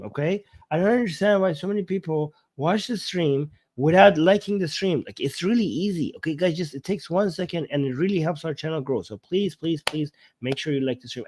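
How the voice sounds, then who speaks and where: A man's voice: on the high side, a little mellow. A man co-hosting a casual livestream chat while sick, his voice strained and worn, laughing often and pleading with viewers. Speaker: co-host.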